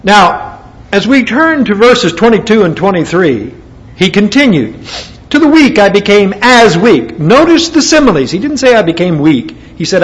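A man's voice: high-pitched, a bit bright. An American man preaching a sermon, mixing scripture readings with folksy asides. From United States. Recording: dull lo-fi recording with faint background noise.

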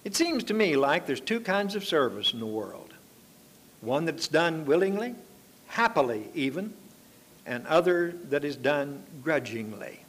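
An older man preaching a sermon, telling stories in an unhurried, folksy way and drawing out his phrases. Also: fairly high pitch, sing-song, fairly bright tone. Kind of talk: sermon with anecdotes.

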